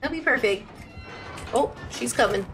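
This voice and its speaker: A woman streams a game live and talks to her viewers in an excitable, bubbly way. Her voice sits high and swoops all over, with a bright, sharp edge. Faint music plays behind her. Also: normal speed. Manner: excitable, shrieks and laughs during tense play.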